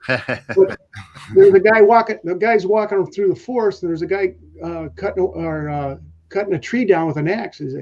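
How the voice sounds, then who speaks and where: A man's voice: on the high side, moderate pace, a little mellow, lo-fi sound. A man guest on a podcast, telling leadership stories in a rambling way with many fillers. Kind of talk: casual podcast talk.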